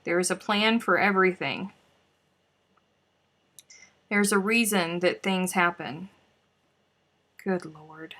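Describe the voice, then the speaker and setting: A woman's voice: on the low side, fairly even intonation, takes it slowly, long pauses, fairly bright tone. A woman hosting a crochet live stream, chatting casually and muttering to herself as she hunts for her notes. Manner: chatty, scatterbrained, talks to herself. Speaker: crochet livestream host.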